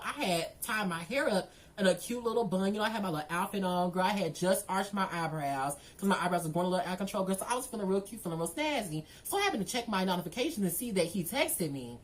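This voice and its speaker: A woman telling a story to her viewers in a casual, sassy and profane way, often calling them girl and y'all. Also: medium pitch.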